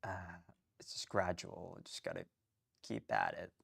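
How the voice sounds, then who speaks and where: A young man live-streaming his language study, rambling and thinking out loud, often muttering to himself and restarting sentences. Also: low-pitched, huge pitch swings, moderate pace, vocal fry, slightly rough. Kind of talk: casual live-stream chatter.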